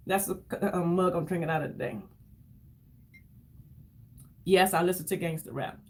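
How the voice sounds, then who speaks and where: An effusive woman in her fifties hosts a makeup livestream from home, talking casually as she works. Her voice sits at an ordinary middle pitch, and she keeps breaking off to greet viewers by name. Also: normal speed, pauses often, fairly bright tone. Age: 50s. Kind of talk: casual livestream chat while doing makeup.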